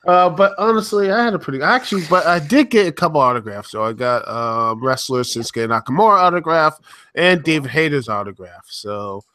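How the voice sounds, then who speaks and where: A man's voice: a little high, fairly quick, pushed and bright, a little hiss or hum. A man hosting a casual podcast chat, rambling with lots of ums and restarts. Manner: rambling, many fillers and restarts.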